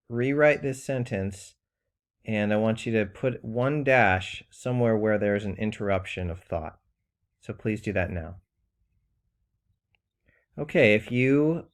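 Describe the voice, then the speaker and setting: A man teaching a recorded grammar lesson, patient and plain, with frequent ums and pauses while he explains. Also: mid-range voice.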